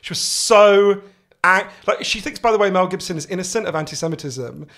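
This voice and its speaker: Posh English man, lively and profane, with a somewhat high voice; a podcast guest. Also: quick pace, vocal fry. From England. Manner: animated, swearing storyteller. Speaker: author and guest. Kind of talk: casual podcast conversation.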